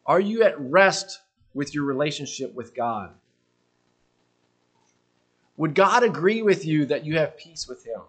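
A man preaching a sermon, earnest and questioning, letting his voice drop softly at the ends of phrases. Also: a little high, sing-song, unhurried, long pauses, slightly rough.

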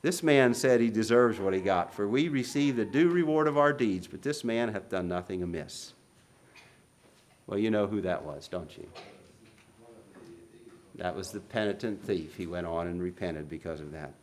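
A man preaching a sermon, his voice swinging widely as he reads scripture passages with theatrical intensity. Between readings he drops to quiet, almost muttered asides to the congregation. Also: lowish voice, expressive, moderate pace. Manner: reads scripture aloud in dramatic, rising bursts.

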